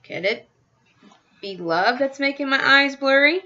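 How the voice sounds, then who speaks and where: A woman reads a children's book aloud in the first person into her built-in webcam mic. Her voice sits high with a sharp tone, and she reads expressively and a little slowly, though the recording is muffled.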